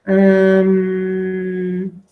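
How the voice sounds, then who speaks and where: Extremely slowly and in a monotone, a medium-pitched woman teacher gives an online English class explanation, patiently going step by step with many "right?" and "okay?" checks. The echoey recording has highs cut off, faint noise, and faint music behind.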